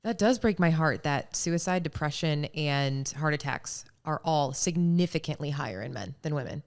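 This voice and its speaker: A woman co-hosting a podcast in casual chat, lively, laughing often and acting out little bits as she talks. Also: low voice, normal speed.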